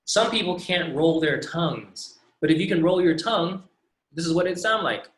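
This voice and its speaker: A man's voice: fairly high pitch, a bit bright, echoey room. A man teaching an online language lesson, drawing out each sound and having students repeat after him. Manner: slow, patient, drawn-out syllables. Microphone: video call.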